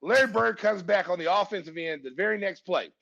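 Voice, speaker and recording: A man in his fifties from Oklahoma, a former basketball player and podcast guest, telling stories in a casual, animated way and acting out the voices of people he quotes. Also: sits high, a little fast, vocal fry. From Oklahoma, USA. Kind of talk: casual storytelling. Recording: dull lo-fi podcast recording.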